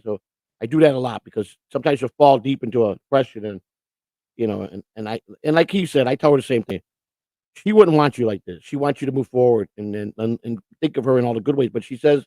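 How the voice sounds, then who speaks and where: Gravelly-voiced man rambling on a stream. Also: medium pitch, a little mellow, no room sound. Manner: rambling, with stammered restarts. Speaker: host. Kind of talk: casual live-stream chat. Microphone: computer setup with earphones.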